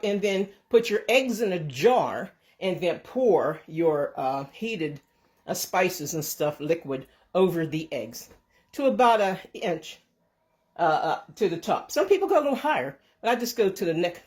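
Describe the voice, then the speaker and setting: A woman talks viewers through a home kitchen recipe while holding her own phone camera. Her delivery is loose and rambling, full of restarts and little corrections. She speaks warmly and sends blessings to the people watching. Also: medium pitch. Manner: chatty and rambling, with frequent restarts and self-corrections. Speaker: home cooking and canning channel host. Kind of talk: casual how-to vlog. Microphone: handheld phone camera.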